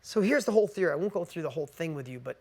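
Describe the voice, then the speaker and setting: A middle-aged man with a slightly higher than usual voice tells a personal story to an audience of listeners. He speaks earnestly and with feeling. He acts out the conversations he recounts as he goes. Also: expressive, very fast. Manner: earnest and emotional, acting out quoted dialogue. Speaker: motivational speaker.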